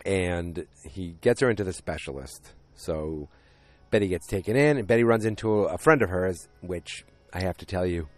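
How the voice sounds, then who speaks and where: A man casually recapping a TV episode with a deep voice and rambling, jokey asides. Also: lively intonation, normal speed, no echo.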